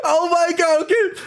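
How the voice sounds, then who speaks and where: Giggly, lively voice reacting in disbelief. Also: medium pitch. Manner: giggly, bursts into laughter often; incredulous, exclaiming. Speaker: streamer reading AI-written stories. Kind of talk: casual reading aloud with reactions.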